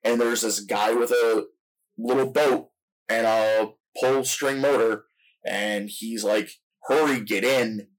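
A man's voice: on the low side, steady tone, takes it slowly, rough recording. A man co-hosting a casual film podcast, retelling movie scenes in long, detailed play-by-play. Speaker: podcast co-host.

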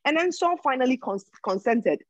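Female preacher with a husky voice, delivering a sermon in a dry, dull recording, repeating lines for weight. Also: sits high, lively intonation, moderate pace, no room sound. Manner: repeats phrases for emphasis.

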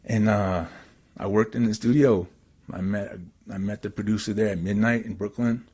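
A man from Canada telling a story in casual chat, excitable and rambling with lots of fillers. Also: on the low side, moderate pace, breathy edge.

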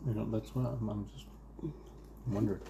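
A middle-aged man, a dad whose first language is Spanish, talking casually at dinner in a low-key manner with wry jokes. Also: fairly even intonation, moderate pace, gravelly, mellow, a little hiss or hum. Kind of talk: casual family chat.

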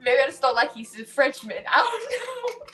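Woman co-host, casual chat, lively laughing storyteller, higher voice, swears freely. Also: normal speed, background noise.

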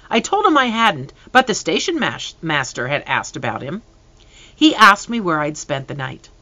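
Storybook narrator, bright voice, reads slow and expressive, dry close sound. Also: mid-range voice, no echo. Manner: expressive, unhurried reading with lively swings in tone. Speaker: audiobook narrator.

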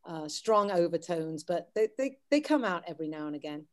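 This podcast guest, a middle-aged English teacher from the Wirral, speaks in a lowish voice with lively intonation and a fairly quick pace. Her light Scouse accent carries an American tinge. Chatting casually, she runs her sentences over with frequent restarts and pokes fun at herself.

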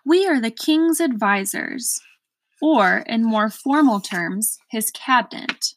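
A woman's voice: a little high, animated, slow pace, slight background noise, low-quality recording. A woman doing a pompous, impatient royal minister. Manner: formal, lecturing.

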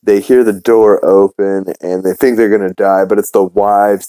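A man's voice: lowish voice, little pitch movement, normal speed, mellow, clear, resonant tone, no room sound, poor audio. A man hosting a podcast who recaps an episode in a casual, rambling way, swearing freely. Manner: rambling, profane, full of fillers and restarts. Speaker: podcast host.

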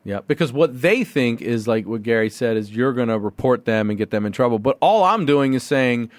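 A man telling a story in casual chat, swearing freely and acting out both sides of a phone argument in lively voices. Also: mid-range voice, fairly quick, dry recording. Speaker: podcast guest.

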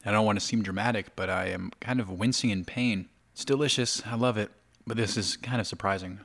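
A man's voice: lowish voice, brisk, creaky, fairly bright tone. A man chatting casually to camera for his video blog, talking between bites of food. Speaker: video blogger.

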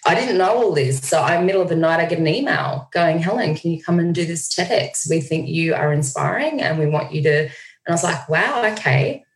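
Low-voiced woman, echoey room. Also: a little fast. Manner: animated storyteller, acts out quoted lines. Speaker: guest speaker. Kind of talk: casual video-call conversation.

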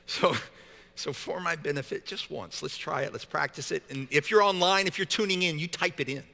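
A man's voice: a little high, fairly quick, gravelly, bright, forceful tone, long reverb tail. A man preaching a sermon as pastor, talking in a casual, joking way with frequent stumbles and restarts. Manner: conversational and joking, with many repeated restarts.

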